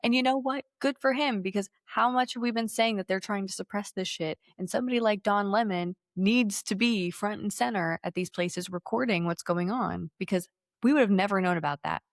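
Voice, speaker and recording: A woman co-hosting a podcast in casual chat, animated and laughing, often acting out what others said. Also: mid-range voice, brisk, no echo, studio quality. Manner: animated, laughing, acts out quotes. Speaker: podcast co-host.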